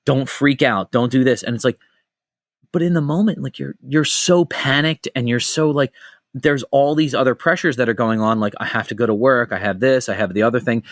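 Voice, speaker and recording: Man, middle-aged, podcast host, mid-pitched voice, dry close sound, lively tangent-hopping stories, swears a lot. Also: fairly quick, dry recording. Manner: animated storyteller, swears freely, jumps between tangents. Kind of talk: casual podcast conversation.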